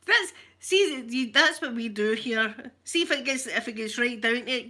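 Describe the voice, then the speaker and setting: A woman's voice: a little high, lively intonation, measured pace, bright, forceful tone. A Scottish woman chatting casually with livestream viewers, joking and laughing often in a broad local speech. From Scotland. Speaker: ASMR livestream host. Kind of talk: casual chat.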